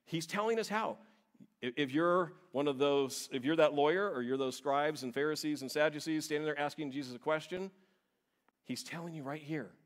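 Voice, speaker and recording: A man's voice: a little high, normal speed. Man preaching a conversational sermon. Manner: conversational preaching, stressing words. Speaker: pastor. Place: church.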